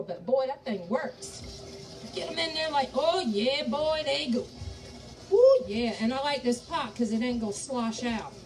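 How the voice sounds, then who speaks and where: A chatty woman with a Southern American accent, somewhat high-voiced, talks her viewers through a recipe at the stove as y'all. She sounds a little away from the camera's mic, with faint music playing underneath. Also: a little mellow, recorded from a distance, poor audio. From Charleston, South Carolina. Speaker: cooking show host. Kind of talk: live cooking demonstration.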